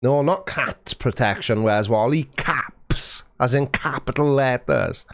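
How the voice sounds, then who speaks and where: Guy chatting to his stream, jokey, mid pitched voice, dead dry mic. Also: slow, a bit bright, no echo. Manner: chatty and joking, fiddling with settings while talking. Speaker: livestream host. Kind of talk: casual livestream chat reading viewer messages. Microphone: studio mic with a foam windscreen.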